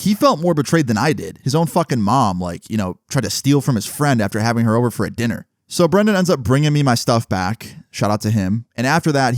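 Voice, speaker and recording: A man's voice: mid-range voice, dry recording, clean studio sound. A young man telling a long story casually, cursing freely and quoting the people involved. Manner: profane, rambling, retells dialogue in quotes.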